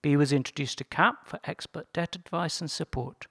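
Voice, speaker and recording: A man presenting, reading a story aloud in a measured, earnest way. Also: a little high, a bit bright, slightly rough, no room sound, studio quality.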